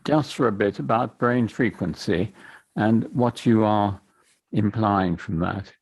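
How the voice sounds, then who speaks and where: A man asking a question in a Q&A, polite and measured, pressing to pin down concepts. His voice sits on the low side. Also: vocal fry, darkish tone, slightly rough. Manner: courteous, precise, probing.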